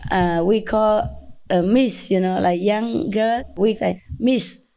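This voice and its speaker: A woman's voice: mid-range voice, slow, creaky, warm tone, smooth. A woman from Vietnam with a Vietnamese accent, a spiritual teacher giving an informal talk to her disciples in a chatty, teasing way, with many tag questions.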